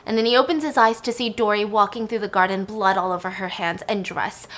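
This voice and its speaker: A woman recapping a film in a chatty, animated way, swearing now and then. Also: mid-range voice, moderate pace, hardly any pauses.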